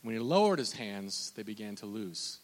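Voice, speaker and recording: A man's voice: fairly low pitch, sing-song, normal speed. A man preaching a sermon as a pastor, impassioned and repetitive, often restarting his phrases and stammering repeated words. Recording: long hall reverb.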